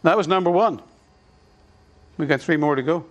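A man's voice: on the high side, normal speed. A man delivers a sermon with a slightly raised voice. He teaches in an everyday conversational way and goes back over points so they land. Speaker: preacher.

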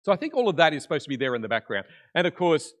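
A man preaching in a conversational way, retelling a Bible story with animated energy that drops to hushed tones at key moments. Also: fairly high pitch, rapid-fire. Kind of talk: conversational sermon.

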